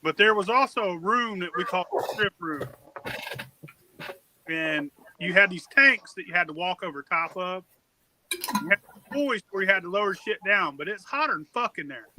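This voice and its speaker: A man's voice: sits high, bright, forceful tone, rough recording. A man telling a long, rambling, profane story on a casual podcast.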